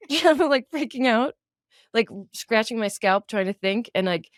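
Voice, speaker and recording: A woman's voice: fairly high pitch, expressive, unhurried, no room sound, clean studio sound. A woman co-hosting a podcast, telling a dating story in casual chat, laughing often and acting out her own thoughts. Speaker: podcast co-host.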